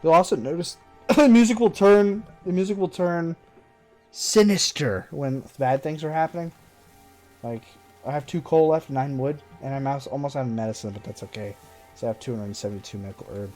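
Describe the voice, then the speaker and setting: A man's voice: on the high side, moderate pace, darkish tone. A man streaming a game live, chatting casually in a sarcastic, self-mocking running commentary as he plays. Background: faint game music.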